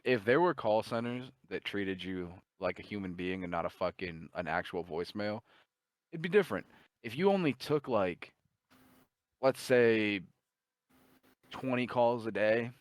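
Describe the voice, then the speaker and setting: A young man co-hosting a podcast, telling stories in an animated, profane, casual way. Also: on the low side, no room sound. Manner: animated, profane, swearing often. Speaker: podcast co-host and storyteller. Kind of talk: casual chat, storytelling.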